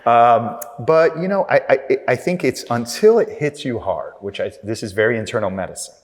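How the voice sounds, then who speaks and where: A man's voice: mid-range voice, animated, moderate pace. A man chatting casually as a podcast guest, rambling through self-deprecating stories about his habits. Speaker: clinic managing director, podcast guest. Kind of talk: casual interview chat. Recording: reverberant room.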